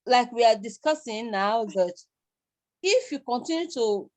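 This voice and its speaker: A woman's voice: fairly high pitch, animated, measured pace, a little mellow. A middle-aged woman with a Nigerian accent, giving a live online university lecture in a rambling way, repeating words and chuckling.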